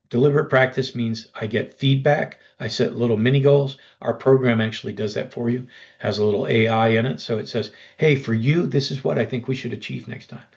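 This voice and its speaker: A man presenting a webinar pitch, persuasive and speaking straight to the listeners. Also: lo-fi sound. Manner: persuasive, addresses listeners directly.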